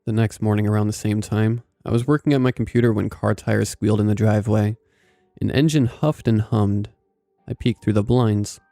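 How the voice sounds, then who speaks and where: A man narrating a scripted first-person story in a measured, even way. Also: on the low side, no echo, clean studio sound, faint music behind.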